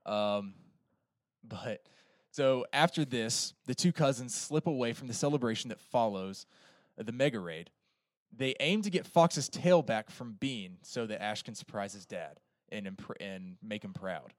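A man with a lowish voice reads a plot summary steadily and unhurriedly on a film podcast. When he ad-libs casual remarks, fillers creep in. The clean studio sound has no echo.

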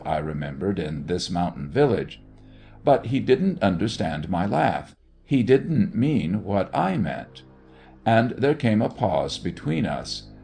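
A man reading a first-person tale in a measured, conversational manner. His voice sits low with a gravelly edge, and his pitch moves a lot as he tells the story. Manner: measured, conversational, with animated dialogue. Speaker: audiobook narrator.

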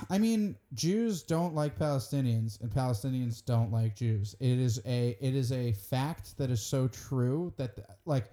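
A man's voice: medium pitch, expressive, a little slow, warm tone. A man in casual conversation, explaining points carefully and pinning down distinctions. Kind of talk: casual chat.

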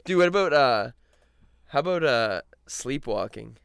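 A young man on a podcast, reacting with loud disbelief and lots of swearing. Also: mid-range voice, animated, a little slow, vocal fry, clear, resonant tone, dry recording, studio quality. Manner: incredulous, laughing, swears a lot. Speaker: podcast co-host. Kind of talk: casual chat.

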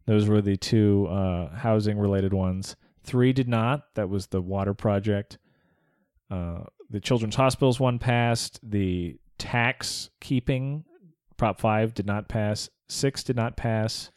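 A man's voice: lowish voice, slow pace, a little mellow, clear, resonant tone, no echo, clean studio sound. A man in casual political chat, running through results matter-of-factly. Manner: plain, matter-of-fact, reads off results. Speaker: podcast host.

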